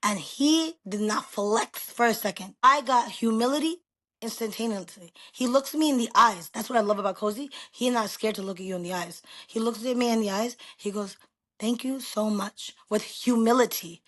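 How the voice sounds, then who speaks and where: Loud, animated middle-aged woman with a New York accent; guest storyteller in a casual chat. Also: fairly high pitch, a little fast.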